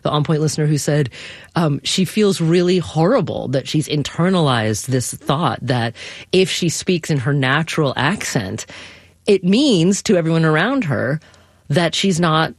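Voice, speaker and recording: A radio talk show host speaks with engaged, emphatic reflection. The voice sits at middling pitch and is recorded dry and close. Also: expressive, unhurried, breathy edge, no echo. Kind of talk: interviewing, conversational.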